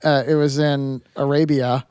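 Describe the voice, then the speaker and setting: A man co-hosting a casual movie podcast, rambling and animated, swearing freely. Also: mid-range voice, unhurried, clear, resonant tone, dry recording, studio quality. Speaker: podcast co-host. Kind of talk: casual movie review chat.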